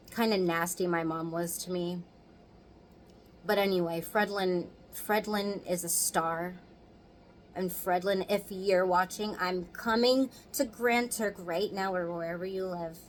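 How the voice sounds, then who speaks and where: A woman's voice: lowish voice, slight background noise, rough recording. Chatty, foul-mouthed woman in her thirties. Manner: candid, chatty, swears freely, laughs often. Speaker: vlogger. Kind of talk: casual storytime chat.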